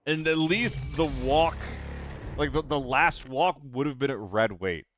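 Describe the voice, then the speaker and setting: A man's voice: mid-range voice, a little slow, a bit bright, soft background music. Playful young man streaming a game. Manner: playful, apologetic, laughs often. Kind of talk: casual live-stream chat with viewers.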